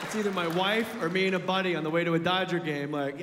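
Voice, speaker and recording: A man in his forties doing stand-up comedy on a club stage into a handheld mic, telling animated stories that build to shouted punchlines. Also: high voice, fast, few pauses, a crowd in the background. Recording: reverberant venue with steady background hiss.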